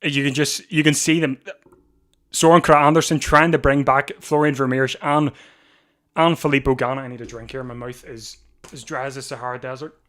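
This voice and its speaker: A man hosting a live watch-along, calling a bike race in a breathless, excitable way and repeating himself as the finish nears. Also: medium pitch. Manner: breathless, rising to shouts at the finish; talks fast over the race, repeating himself. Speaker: livestream watch-along host. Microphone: desk mic.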